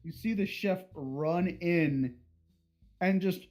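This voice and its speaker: A man's voice: high-pitched, slow, a little mellow. A man narrating as game master, crude and playful, slipping into characters' voices.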